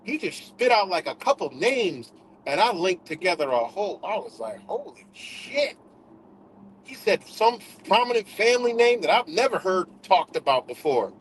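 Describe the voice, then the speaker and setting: High-voiced man ranting on a livestream. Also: very animated, normal speed, slight background noise, poor audio. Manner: profane, emphatic, repeats himself. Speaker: livestream host. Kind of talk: casual livestream rant.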